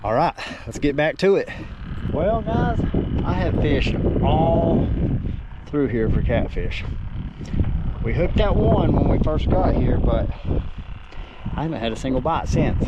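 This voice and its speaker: A man's voice: mid-range voice, lo-fi sound, heavy background noise. A man with a Southern accent chatting casually on camera while fishing from a small boat on a river. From Tennessee. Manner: folksy, says y'all often. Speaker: fishing vlogger.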